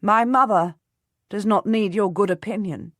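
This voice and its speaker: A woman's voice: medium pitch, moderate pace, fairly bright tone, dry recording, clean studio sound, voice pushed up. A woman reading an audiobook, voicing a hot-tempered young son who speaks in an icy, clipped way.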